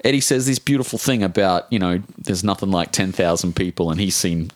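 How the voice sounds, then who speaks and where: An Australian man in his forties, an author telling a rambling, animated story in a casual interview, swearing casually and restarting his sentences often. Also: low voice, a little fast. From Brisbane, Australia. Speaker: author guest.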